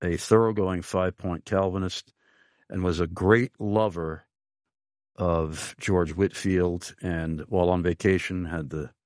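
A man hosting a radio interview show, speaking in an earnest, halting way with frequent pauses. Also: sits low, no room sound, clean studio sound. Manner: slow, earnest, halting with many uhs.

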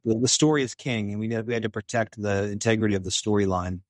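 A man's voice: lowish voice, fast talker, no room sound. A man in an interview telling a story with enthusiasm, acting out quotes in a raised voice. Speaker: film director and writer.

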